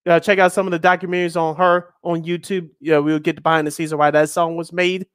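A man in his thirties hosts a live sports radio show, chatty and joking, reading lists aloud with emphasis in casual sports talk. His fairly high voice is level, fast, a bit bright and clean. The studio-quality recording has no room sound.

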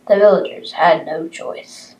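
A woman telling a story off the cuff, halting, with many restarts and fillers. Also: fairly low pitch, a little mellow, lo-fi sound, slight background noise. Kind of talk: improvised story reading.

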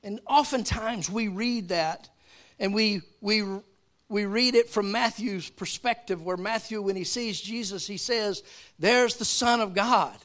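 A male pastor in the middle of a sermon, his voice sitting a little higher than most men's. He tells a story in an even, steady way and then rises into loud, emphatic preaching. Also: unhurried.

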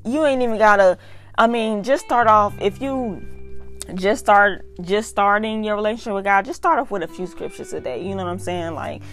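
This faith vlogger, a young woman, works through scripture in a laid-back devotional video at a normal pace. Her mid-range voice sounds a bit bright, and she keeps an earnest, emphatic tone, saying "y'all" again and again over faint background music.

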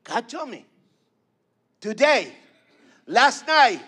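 High-voiced fervent preacher, slow and soaring. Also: male voice, big pitch swings, slightly rough. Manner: fervent, rising to shouts then dropping soft. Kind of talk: sermon.

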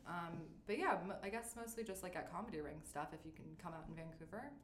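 A woman's voice: fairly low pitch, fast, echoey room, slight background noise. A young adult woman from California with a light Californian accent, chatting casually as a comedian guest and filling her talk with "like". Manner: chatty, swearing, says "like" a lot. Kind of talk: casual podcast chat.

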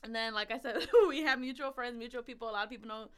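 A woman's voice: on the high side, fast, fairly bright tone, smooth. A woman co-hosting a podcast, telling a story in casual chat, blunt and profane, acting out the lines of the people in it. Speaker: podcast co-host.

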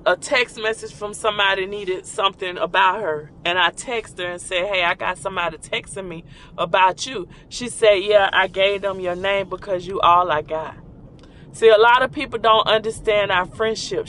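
A middle-aged woman shares personal stories in a casual, conversational way, often repeating key lines for emphasis. Her mid-range voice is a bit bright, and there's a little hiss or hum in the recording.

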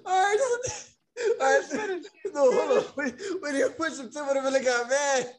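A man's voice: extremely high pitch, animated, normal speed. A man co-hosting a podcast in casual chat, animatedly acting out a friends' argument with frequent laughter. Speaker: podcast co-host.

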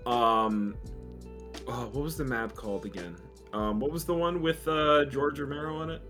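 A man in casual gaming chat, telling stories with loud acted-out reactions and frequent swearing. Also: medium pitch, moderate pace, faint music behind. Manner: animated storyteller, swears, acts out reactions loudly.

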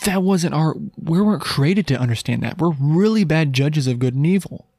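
A man's voice: fairly high pitch, expressive, normal speed, dark tone, no room sound. A man hosting a podcast, giving a casual Christian teaching talk in an earnest, emphatic way, with many rhetorical questions and restarts. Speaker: podcast host.

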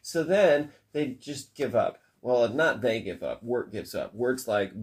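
A man's voice: lowish voice, measured pace, hardly any pauses. A man casually retelling a cartoon plot in long run-on sentences, rambling and occasionally swearing. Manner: rambling, run-on, profane, breathless recap. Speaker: storyteller recapping a cartoon. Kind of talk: casual chat.

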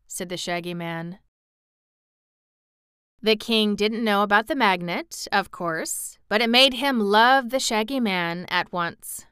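A woman narrating a storybook aloud in a measured, unhurried reading. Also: medium pitch, fairly bright tone, clear, resonant tone, no room sound, studio quality. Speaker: audiobook narrator.

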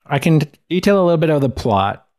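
A man's voice: fairly high pitch, very animated, quick pace, a little mellow. A man co-hosting a casual podcast, wryly summing up reviews and a plot with lots of filler words. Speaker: podcast co-host.

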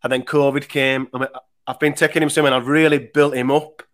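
A man's voice: mid-range voice, flat delivery, brisk, a bit bright. A man in his thirties hosting a podcast, telling rambling emotional stories in casual chat and swearing freely.

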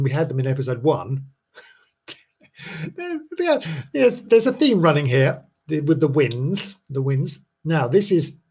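A man's voice: medium pitch, a little mellow, breathy edge. A man hosting a ghost-story podcast in a chatty, self-mocking way, often stumbling over and repeating his words. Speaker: podcast host.

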